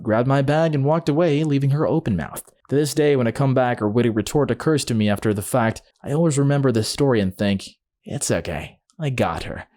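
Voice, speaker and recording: A man reads short stories aloud one after another, in a steady, scripted narrator's delivery. His voice sits at an ordinary middle pitch. When he quotes people in the stories, he keeps them in his own voice. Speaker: story narrator.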